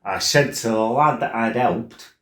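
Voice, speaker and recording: A man's voice: medium pitch, unhurried, a bit bright. A middle-aged man, a former kickboxer, telling stories from his life in a blunt, rambling way, full of "you know" and "right?". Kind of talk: casual spoken storytelling. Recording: roomy echo.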